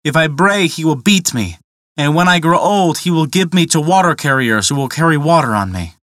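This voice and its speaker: A put-upon donkey frets over his treatment in a worried, complaining way, a man reading his lines. The voice rings bright and forceful. It is close and dry. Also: fairly high pitch, expressive, normal speed, dry recording. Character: fleeing male donkey, fearful and put-upon.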